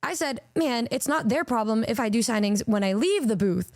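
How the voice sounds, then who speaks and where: A woman streamer telling stories to her chat in a casual, animated way, swearing freely. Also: fairly high pitch, normal speed, no room sound.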